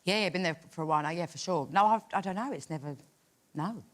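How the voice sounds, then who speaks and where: A woman's voice: fairly low pitch, fast. A woman with a London accent chatting as a guest on a chat show, full of fillers and laughs. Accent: London English. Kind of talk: casual chat show talk. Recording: noisy chat show studio.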